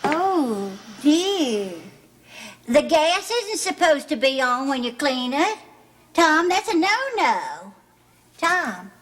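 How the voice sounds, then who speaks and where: A woman's voice: high voice, very animated, slow, a bit bright, heavily acted. An actress playing a fretful middle-aged mother in a 1970s TV soap, fussing, scolding and pleading. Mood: flustered.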